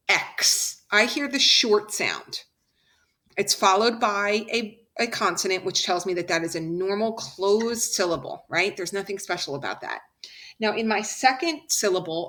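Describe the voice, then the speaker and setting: A woman giving a phonics lesson in a bright, clear voice. She talks slowly and patiently and draws out each example sound. She often pauses to check that her students follow. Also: mid-range voice. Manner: patient, slow and deliberate, drawing out example sounds. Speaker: teacher.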